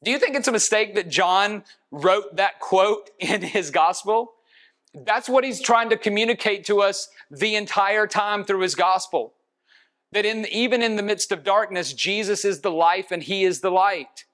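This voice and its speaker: A pastor with a high, fairly bright voice preaches with earnest conviction. He builds steadily through his points, slowing down and stretching out the phrases he wants to hit home.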